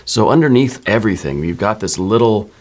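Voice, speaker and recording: A man with a very low voice lays out a tarot reading in a soft-spoken, unhurried way. He muses aloud and keeps checking in with the listener as he goes. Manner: relaxed, musing, often checks in with "right?". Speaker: tarot reader.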